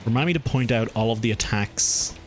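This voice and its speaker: A man streaming a game, chatting casually and thinking aloud as he plays, with his pitch jumping up when something surprises him. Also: fairly quick, over music. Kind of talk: casual gameplay commentary.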